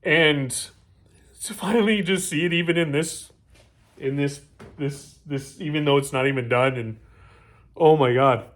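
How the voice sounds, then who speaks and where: In his home workshop, a man hosts a casual bike build vlog for his channel, excitable and joking, often stammering and restarting sentences. His voice is a little high, his pace measured, and he pauses often.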